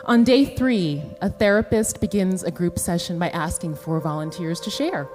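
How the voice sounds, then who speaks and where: A woman's voice: on the low side, normal speed, darkish tone, soft background music. Earnest woman telling a personal story. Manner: earnest, emotional, shifting pace.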